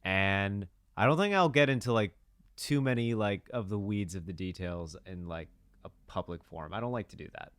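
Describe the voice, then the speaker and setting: Young guy cohosting a podcast, kinda low voice, rambly and jokey, dead dry sound. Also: moderate pace, a bit bright, no room sound. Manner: rambling, jokey, lots of fillers and restarts. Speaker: podcast co-host. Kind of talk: casual chat.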